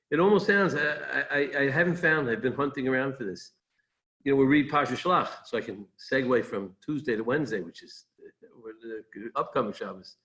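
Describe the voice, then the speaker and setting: Rabbi, male, mid-pitched voice, loose conversational Torah talk full of asides. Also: brisk, fairly bright tone, low-quality recording. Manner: conversational, digressive, thinking aloud.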